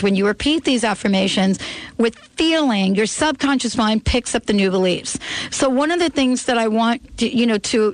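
A woman's voice: on the high side, no echo, rough recording. A woman hosting a radio call-in show, giving an intuitive card reading in an earnest, insistent way and repeating her key phrases.

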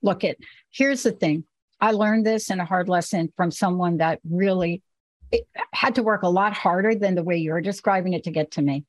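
A woman's voice: lowish voice, normal speed, no room sound. A woman from the Bronx, hosting a show and telling candid personal stories with emphasis. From the Bronx, New York. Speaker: host. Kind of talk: casual talk-show conversation.

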